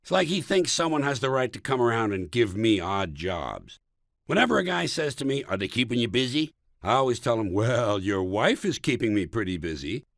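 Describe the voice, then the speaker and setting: An American man reads his own comic book aloud in a studio, sardonic and mocking as he jabs home each punchline. His gravelly, sing-song voice swings widely in pitch at a normal speed, and the close recording is dry.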